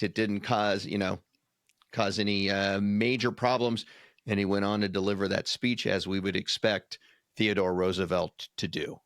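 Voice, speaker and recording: A man's voice: lowish voice, no room sound, studio quality. A man co-hosting a casual podcast, recapping a quiz answer in an easygoing, joking way with many uhs. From United States. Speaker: podcast co-host.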